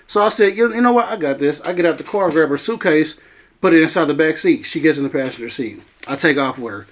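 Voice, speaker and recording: Guy with a high voice telling a wild story, lively, acts out every line. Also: fast. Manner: animated, acts out quotes, laughs often. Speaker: cast member telling a story. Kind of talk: casual storytelling.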